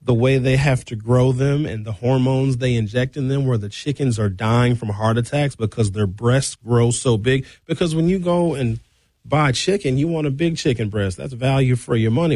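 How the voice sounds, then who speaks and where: Middle-aged male talk radio host, blunt and sarcastic, dry close mic. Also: dry recording. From Wisconsin. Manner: animated, blunt, sarcastic, with sudden high-pitched outbursts. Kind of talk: opinionated talk radio monologue.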